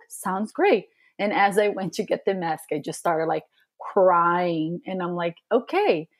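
A woman who works as a spiritual coach, talking as a podcast guest in a soft, reflective, emotionally open way with pauses and fillers. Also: lowish voice. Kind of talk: casual podcast conversation.

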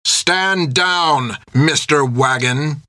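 A man voicing a stern, haughty ship captain who speaks slowly and imperiously. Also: fairly high pitch, sharp tone, no echo, studio quality, voice pushed up, heavily acted. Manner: slow, clipped, imperious.

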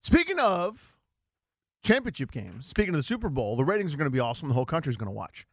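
A man in his forties hosts a sports talk radio show. He tells stories in an animated, self-mocking way. The sound is close and dry, from a studio mic. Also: fairly high pitch, fast, no echo. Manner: storytelling, self-deprecating, animated.

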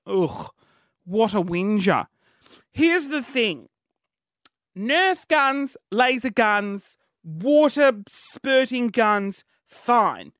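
A woman's voice: high voice, a bit bright, dry recording, clean studio sound. A young woman hosting a casual solo podcast, rambling and chatty, circling back on herself and restarting her sentences. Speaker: podcast host.

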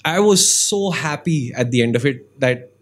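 Animated man telling stories in a podcast. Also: mid-range voice, normal speed. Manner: animated storyteller, swings between calm and excited. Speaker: motorcycle journalist, podcast guest. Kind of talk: casual podcast conversation.

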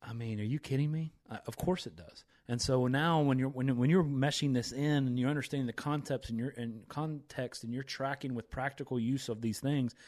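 A man's voice: medium pitch, steady tone, fairly quick, hardly any pauses, darkish tone. A man hosting a faith podcast, talking with fired-up, preachy energy and reciting scripture with emphasis. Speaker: podcast host.

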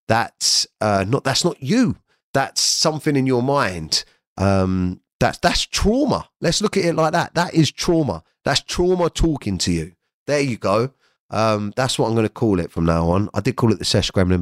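A man's voice: on the low side, dry recording, clean studio sound. A man hosting an unscripted solo podcast from home, talking frankly and rambling, swearing freely. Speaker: podcast host.

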